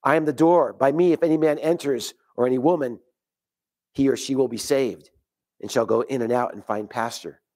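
A man preaching a sermon in church, earnest and steady, reading scripture aloud. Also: medium pitch, normal speed. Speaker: pastor.

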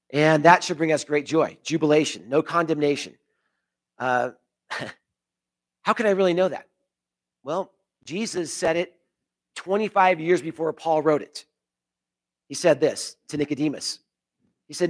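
A man preaching a sermon as pastor, earnest, rising on key phrases and dropping soft for emphasis. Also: fairly high pitch, unhurried, long pauses.

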